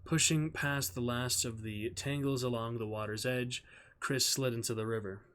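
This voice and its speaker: A man streamer reading a novel aloud in a measured, steady storytelling voice. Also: medium pitch.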